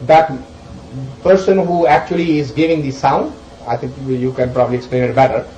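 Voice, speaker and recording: Man, spiritual teacher, animated and emphatic, echoey room, faint hiss. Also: medium pitch, brisk, highs cut off. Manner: animated, emphatic, shifts between loud questions and soft asides. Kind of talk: explaining scripture verses to a group.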